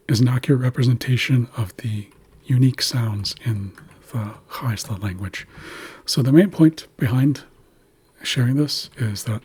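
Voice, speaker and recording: Man, very breathy and husky voice, mid pitch; patient language teacher who sounds out words syllable by syllable. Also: warm tone. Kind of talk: explaining pronunciation of an Indigenous language.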